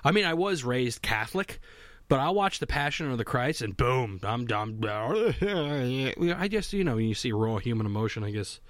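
A man's voice: medium pitch, very animated, normal speed, no echo. A young man in a casual solo monologue from a home basement, rambling, swearing and mocking himself.

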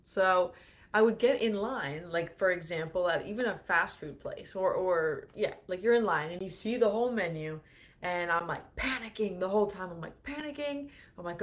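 A woman's voice: lowish voice, normal speed. A young woman chatting casually on a livestream as the host, talking freely with many fillers and acting out her own anxious thoughts.

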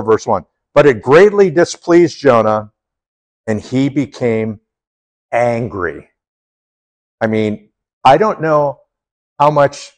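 A man teaching a Bible passage as a sermon, retelling the story with animated storytelling and acting out the quotes. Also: mid-range voice, rough recording. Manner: animated storytelling, voicing the prophet and God in quotes.

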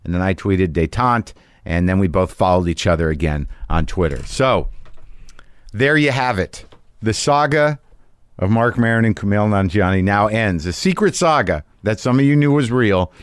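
A man's voice: fairly low pitch, expressive, moderate pace, clear, resonant tone, dry recording, clean studio sound. A middle-aged man delivering a rambling, profane, self-deprecating monologue as a podcast host. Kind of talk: casual monologue.

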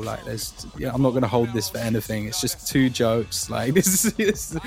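A man, a music producer, talking in a relaxed, rambling way with many ums during a casual interview. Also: medium pitch, normal speed, creaky.

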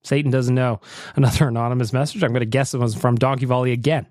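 A man's voice: mid-range voice, steady tone, quick pace, a little mellow, no room sound, studio quality. A man hosting a casual podcast, reading out voicemails with jokey radio-host patter. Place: podcast studio.

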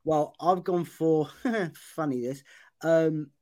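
Give me a casual man as a podcast host, self-deprecating and relaxed. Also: a little high, slow. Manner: chatty, self-deprecating, with many ums. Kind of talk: casual chat, hosting a podcast game.

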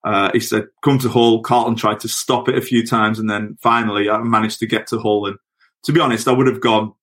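A man's voice: mid-range voice, fairly bright tone. Man, middle-aged, former footballer, podcast guest, chatty, laughs through anecdotes. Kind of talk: casual anecdote telling.

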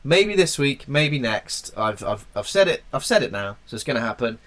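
A man's voice: mid-range voice, very animated, moderate pace, fairly bright tone. A man from England with a cold, co-hosting a podcast in a chatty, joking way and sometimes hunting for words. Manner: chatty, jokey, loose with wording. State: has a cold. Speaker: podcast co-host. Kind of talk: casual podcast chat.

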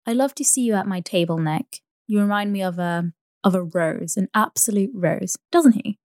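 A woman's voice: lowish voice, brisk, mellow, no echo, studio quality, lightly acted. A woman voicing a charming, restless young socialite who speaks in a breathless, sing-song way. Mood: gushing.

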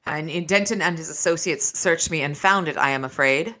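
A woman's voice: low voice, a little fast, pushed and bright. A woman hosting a casual book-discussion podcast, talking enthusiastically and with plenty of swearing while she summarizes chapters and reads passages aloud. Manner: enthusiastic and profane. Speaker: podcast host.

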